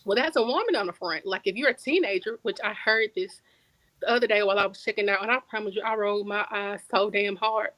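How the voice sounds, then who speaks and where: A woman's voice: mid-range voice, fast talker, fairly bright tone, no room sound, rough recording. Emphatic woman author, dry close sound. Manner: emphatic, repeats words for stress; storytelling, conversational slang. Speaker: guest author. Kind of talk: casual podcast interview.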